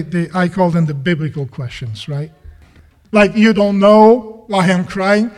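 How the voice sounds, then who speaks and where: A man preaching a sermon with impassioned, repeated rhetorical questions. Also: high voice. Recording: long reverb of a large hall.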